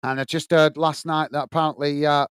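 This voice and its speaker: A man's voice: on the high side, little pitch movement, fairly quick, clean tone, no room sound, studio quality. A middle-aged man hosting a live football watch-along, calling the play and chatting with viewers as he reads their comments. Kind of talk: live match commentary and chat reading.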